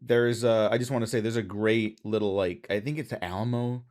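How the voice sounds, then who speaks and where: A man's voice: lowish voice, steady tone, brisk, a little mellow. A man co-hosting a casual film podcast, adding short remarks and asides. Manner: short agreeing interjections and asides. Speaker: podcast co-host.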